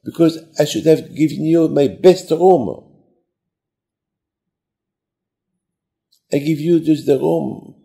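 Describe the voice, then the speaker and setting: A man's voice: mid-range voice, lively intonation, normal speed, vocal fry, mellow. A man voicing an anxious male homeowner who begs forgiveness from his guest. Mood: pleading. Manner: begging, apologetic.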